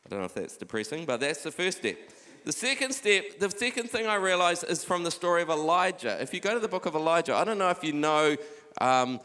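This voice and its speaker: New pastor preaching in a hall. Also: male voice, on the high side, sing-song, fairly quick. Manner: conversational, warm preaching with scripture readings. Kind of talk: sermon. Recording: live hall with long reverb.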